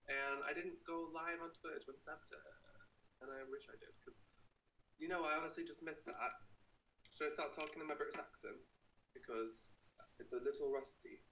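A young man chatting casually on a home live stream, playful and quick to laugh as he reads viewer comments. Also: on the high side, bright, forceful tone, distant mic. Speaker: livestreamer. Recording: echoey room, away from the mic, faint hiss.

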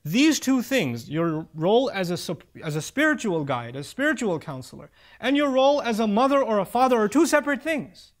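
A man's voice: sits high, sing-song, fairly quick, few pauses. A middle-aged man giving a conversational religious lecture to parents, acting out the voices of the people he quotes. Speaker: Islamic speaker.

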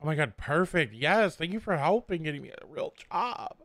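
A man streaming a game role-play as a burger shop worker, chatty and animated in a cheery service tone. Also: a little high, moderate pace, dry recording.

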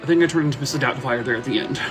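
A man's voice: mid-range voice, rapid-fire, faint music behind. A man narrating true crime cases in a casual way, dropping wry jokey asides.

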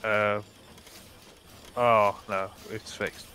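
A man with a somewhat low voice talking through a shared game, dry and deadpan, floating ideas half to himself. Faint background noise and occasional clicks come through the mic. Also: very slow. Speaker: co-player. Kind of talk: casual multiplayer game chat.

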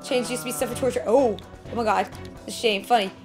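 A woman hosting a live game playthrough, excitable and jumpy, yelping and repeating herself when scared. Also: a little high, fast, faint music behind. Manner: excitable, jumpy, full of frightened yelps and exclamations; mild swearing, repeats herself when nervous. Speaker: host.

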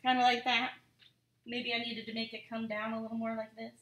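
A woman's voice: fairly high pitch, flat delivery, brisk, a bit bright, dull audio. A woman teacher reading a story aloud and explaining words to young children, chatty and full of questions.

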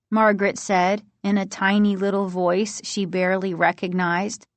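A woman reading a spooky children's story aloud, in slow, expressive narration. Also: medium pitch, no echo. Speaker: audiobook reader.

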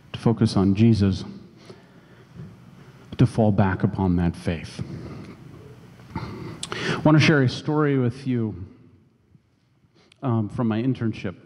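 A man's voice: fairly low pitch, mellow. A man preaching a sermon as pastor, telling a personal story in a conversational way. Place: church sanctuary. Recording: long church reverb.

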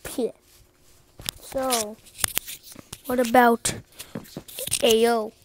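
A high-pitched woman chatting to herself as she plays, unhurried and goofy. She drawls her words slowly and slips into silly chants. Faint background noise sits under her phone-recorded voice. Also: level tone. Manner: playful, silly, talks to herself while building. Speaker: gameplay video creator. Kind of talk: casual commentary while playing a game.

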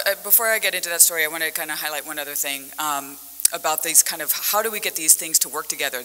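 A woman scholar giving a conference talk as a panelist, telling stories in an animated way. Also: sits low, a little hiss or hum. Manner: animated storytelling with vivid metaphors. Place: conference hall. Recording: echoey conference hall.

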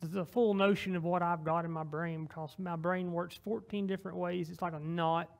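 A man's voice: high voice, fairly even intonation, normal speed, gravelly. A young man with a Southern US accent giving an informal church sermon and closing prayer, folksy and rambling, self-deprecating, with frequent restarts. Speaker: lay preacher.

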